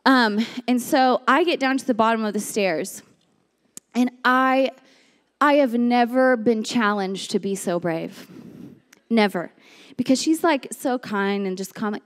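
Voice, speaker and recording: A young woman giving a chatty, animated sermon, telling a story and acting out the voices in it. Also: on the high side, a little slow, big-room sound. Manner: lively, chatty, acts out voices in her story. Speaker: speaker at a women's church series.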